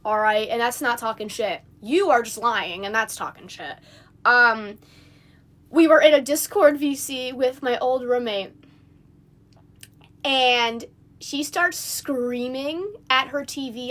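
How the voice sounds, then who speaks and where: A woman's voice: high voice, a little slow, a bit bright. A young woman on a phone livestream, venting in an indignant, rambling rant full of fillers. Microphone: phone mic.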